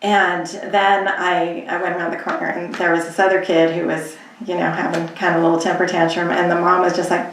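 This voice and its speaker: A woman's voice: fairly low pitch, level tone, a little fast, few pauses, a little hiss or hum. Chatty woman in a very echoey room. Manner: conversational, storytelling, frequent yeahs. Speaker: podcast co-host. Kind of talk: casual chat. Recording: very echoey, far from the mic.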